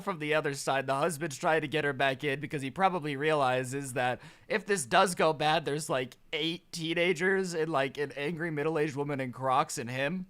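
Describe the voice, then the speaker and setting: A young man tells a story to his channel in a casual, sarcastic way. His voice is high and bright, and he keeps the story animated. The delivery is loose and conversational. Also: normal speed, few pauses, clear, resonant tone. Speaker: storytime vlogger.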